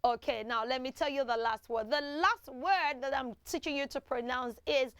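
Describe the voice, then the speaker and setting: A woman's voice: high voice, moderate pace, clear, resonant tone, dry recording. A woman presenting a children's TV lesson, coaxing the kids through call-and-response pronunciation drills. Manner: animated, coaxing teacher who leads call-and-response drills.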